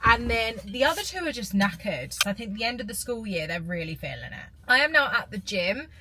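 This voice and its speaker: A woman's voice: fairly high pitch, very animated, a little fast, pushed and bright, a little hiss or hum, rough recording. Emotional woman vlogging in her thirties. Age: 30s. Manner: candid, open and emotional. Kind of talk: casual personal vlog. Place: in a parked car and at the gym.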